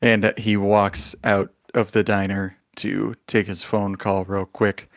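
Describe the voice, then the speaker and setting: A man running a tabletop role-playing game who narrates in a relaxed, descriptive way. His voice is somewhat low, and the recording is dry and close. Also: slow, creaky, no echo. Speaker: game master.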